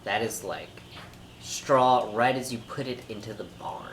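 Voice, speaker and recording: A man's voice: medium pitch, measured pace, a bit bright, a little hiss or hum. A man co-hosting a casual beer review show with his wife, talking in a laid-back, easygoing way and laughing often. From North Carolina, USA. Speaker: co-host. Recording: echoey room with faint ambience.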